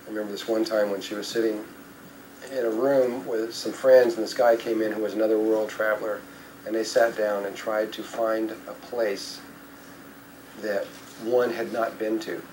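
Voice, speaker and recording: An older man spins a loose, anecdotal story for a listening crowd, his voice sitting a little low. He wanders through asides and fillers and catches himself mid-sentence. A faint hiss runs under the recording. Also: flat delivery, moderate pace, a little mellow, low-quality recording. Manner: rambling anecdotal, with fillers and self-corrections. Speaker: spiritual speaker. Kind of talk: storytelling talk to an audience.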